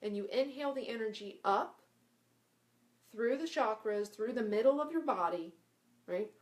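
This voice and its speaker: A woman teaching spiritual breathing exercises in a casual live lesson. She talks in a loose, chatty way and keeps checking in with 'right?' and 'okay?'. She demonstrates breathy sounds and chants along the way. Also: fairly high pitch, lively intonation, normal speed. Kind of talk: casual live instructional talk.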